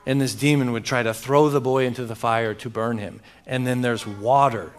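A man preaching a sermon, reading scripture dramatically and urging his listeners directly, with sudden loud rises. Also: medium pitch, fairly even intonation, normal speed. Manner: speaks directly to the audience, urging and emphatic.

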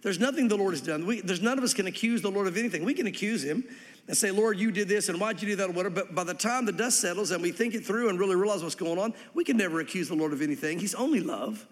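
High-voiced preacher in a reverberant hall. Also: male voice, fast. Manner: animated, acts out voices in quoted lines. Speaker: pastor. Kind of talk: sermon.

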